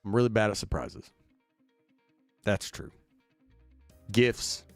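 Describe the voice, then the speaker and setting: A man's voice: lowish voice, fairly even intonation, slow pace, no room sound. A man from Indiana, a band member booking a tour, chatting casually and upbeat on a livestream, rambling with plenty of fillers. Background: faint demo music looping.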